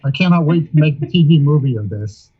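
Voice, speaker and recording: A man's voice: a little high, lively intonation, fairly quick, husky. A man chatting on a video call and making dry jokes. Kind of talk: casual video call chat. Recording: dull lo-fi video call audio.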